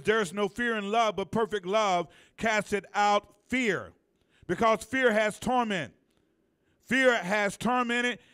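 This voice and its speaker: A man's voice: high-pitched, fairly bright tone, clear, resonant tone. A man preaching a sermon in church, calling on the congregation to answer back and stretching out key phrases for emphasis. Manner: call-and-response preaching, drawn-out emphatic phrases. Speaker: pastor. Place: church sanctuary.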